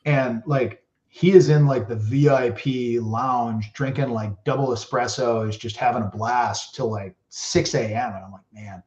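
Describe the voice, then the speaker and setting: A man tells his stories in a loose, rambling way, leaning on "like" again and again. His voice sits at an ordinary middle pitch. The recording sounds roomy and slightly dull. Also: measured pace, hardly any pauses, darkish tone. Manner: rambling, heavy use of "like". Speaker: podcast guest, former hockey player. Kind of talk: casual storytelling. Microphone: podcast mic. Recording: roomy, dull lo-fi podcast audio.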